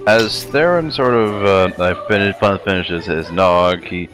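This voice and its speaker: A low-voiced man playing a tabletop game. He speaks haltingly, restarting often. Music plays behind. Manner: halting, full of restarts and fillers. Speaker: player. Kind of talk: tabletop role-play.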